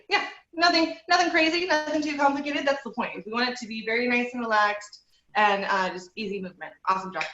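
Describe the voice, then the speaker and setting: A young woman teaching an online group voice class, speaking in a relaxed, encouraging way and demonstrating with hums and slides. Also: mid-range voice. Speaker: vocal teacher. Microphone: video call. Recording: dull, echoey room sound.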